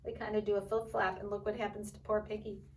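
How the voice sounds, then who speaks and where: A woman librarian at storytime, gently reading a picture book and asking the children questions. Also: mid-range voice, little pitch movement, fast talker, far from the mic, background noise.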